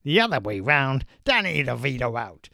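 A man's voice: mid-range voice, very animated, moderate pace, gravelly, sharp tone, dry recording, clean studio sound, heavily acted. A man doing a brash bragging film star. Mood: boastful. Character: boastful small older male film star, crude.

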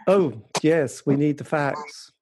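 A man's voice: a little high, slow, crowd noise. A man interviewing a musician, chatty and asking leading questions. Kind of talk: casual radio-style interview.

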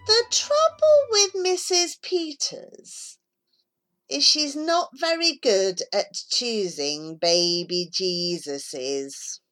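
A woman narrating a children's book aloud, telling it in a lively, childlike first-person way. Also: medium pitch. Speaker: audiobook narrator.

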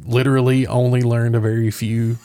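A man's voice: medium pitch, flat delivery, a little fast, warm tone, slight background noise. A man co-hosting a casual podcast, explaining at length with hesitant fillers. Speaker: podcast co-host.

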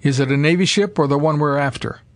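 A man reading the lines of an eager male assistant in a quick, keen way. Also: a little high, background noise, close to an everyday voice.

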